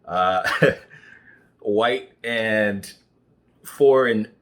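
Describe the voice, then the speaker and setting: Deep-voiced young man from Nigeria. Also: drawn-out words, fairly bright tone. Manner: conversational, full of fillers like "you know". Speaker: vlogger. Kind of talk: casual monologue.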